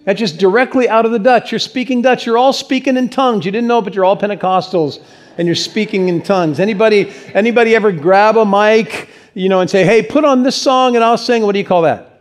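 A man preaching a sermon, animated and talking straight to his congregation with rhetorical questions. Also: high voice, quick pace. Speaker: pastor.

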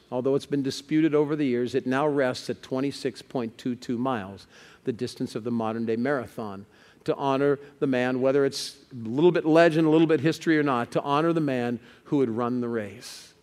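A man's voice: mid-range voice, darkish tone, long reverb tail. A male pastor preaching a sermon, telling stories with building urgency.

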